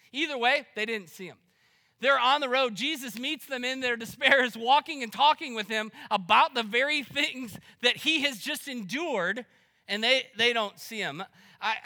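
A middle-aged male pastor preaching a casual, storytelling sermon that swings from loud to hushed, often repeating and restarting words, in a church sanctuary. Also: very high voice. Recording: reverberant hall.

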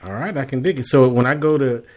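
A man hosting a casual interview, laughing often and talking in relaxed slang. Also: mid-range voice, fast. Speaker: interviewer host.

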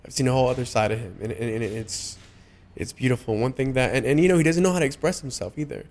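A young adult man sharing personal stories in a casual, heartfelt conversation, often pausing and restarting his sentences. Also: medium pitch, darkish tone. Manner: halting, many restarts and fillers.

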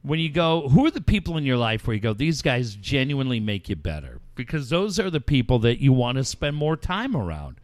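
A man's voice: medium pitch, very animated, fairly quick, hardly any pauses, no room sound, clean studio sound. A man hosting a podcast, telling long stories in casual, profanity-heavy chat. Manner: profane, rambling storyteller. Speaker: podcast host.

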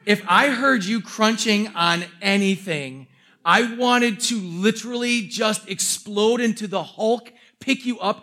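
A young male pastor delivers a sermon with a fairly high voice. He tells funny, self-mocking stories and stays animated and expressive throughout. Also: unhurried.

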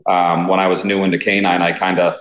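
A man with a very low voice talks casually as a guest from a garage gym, halting, blunt and full of fillers. The room around him is echoey and hard, so his voice rings off the walls. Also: level tone, fairly bright tone. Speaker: guest, police K9 officer. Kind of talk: casual interview conversation.

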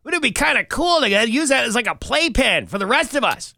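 A man voicing a giddy young news crew member in a gushing, excited way. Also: very high-pitched, a little fast, gravelly, no echo, studio quality, voice pushed up, full character voice.

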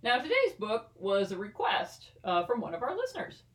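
A woman's voice: mid-range voice, wildly swooping pitch, moderate pace, distant mic. A woman co-hosting a casual podcast, playful and jokey, laughing often. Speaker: podcast co-host. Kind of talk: casual chat. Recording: echoey room, a bit off-mic.

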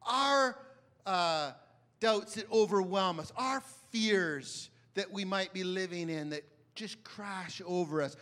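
Male preacher, high and bright timbre, emphatic delivery that swings loud to hushed. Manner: emphatic, dramatic swings from loud to hushed, asks the audience questions. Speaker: pastor. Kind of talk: sermon.

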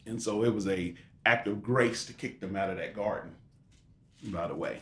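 A man's voice: fairly low pitch, moderate pace. A man giving an informal sermon, talking through scripture in a rambling, conversational way with rhetorical questions. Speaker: preacher. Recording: roomy echo.

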